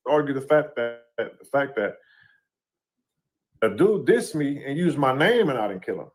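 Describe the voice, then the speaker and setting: A man's voice: mid-range voice, sing-song, unhurried. A man in a played clip giving casual commentary on a court case, often asking "you know what I'm saying".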